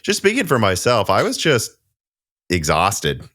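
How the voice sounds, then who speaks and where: A man's voice: on the low side, huge pitch swings, measured pace, fairly bright tone, no room sound. A man hosting a casual tech podcast, chatty and sarcastic, rambling with restarts. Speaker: podcast host.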